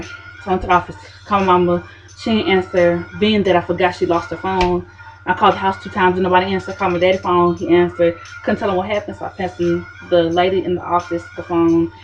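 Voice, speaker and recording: Woman, sassy diva vlogger, dramatic storytelling, dull slightly muffled sound. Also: fairly low pitch. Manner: sassy, dramatic diva persona, repeats "okay, honey". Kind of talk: casual storytelling to camera.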